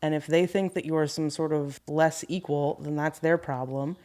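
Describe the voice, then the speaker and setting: A woman's voice: low voice, steady tone, normal speed, mellow. A woman who runs a carpentry business, guest on a podcast, speaking frankly and laughing easily as she tells stories from job sites. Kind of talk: casual podcast chat. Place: podcast table with several hosts.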